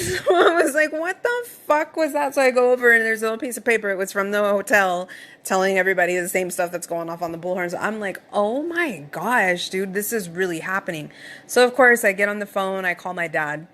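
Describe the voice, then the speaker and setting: A young adult woman hosting a podcast, telling a personal story in a casual, animated way, swearing now and then and laughing through it. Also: lowish voice. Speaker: podcast host.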